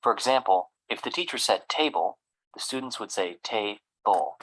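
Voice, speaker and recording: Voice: mid-range voice, a little fast, low-quality recording. Formal scripted narrator. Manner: even, formal reading.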